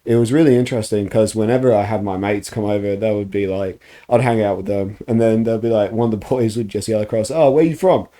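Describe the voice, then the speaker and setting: A young Australian man speaks in relaxed, casual podcast talk. His voice sits a little low and sounds mellow and warm. He spins anecdotes with a lot of swearing and a lot of energy. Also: fast, few pauses. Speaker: podcast co-host. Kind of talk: casual chat, storytelling.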